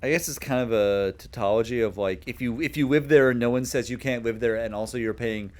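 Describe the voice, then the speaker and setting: A man's voice: medium pitch, fairly quick. A young man chatting on a game stream, rambling and hesitant with lots of fillers. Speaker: stream guest. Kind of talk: casual stream chat.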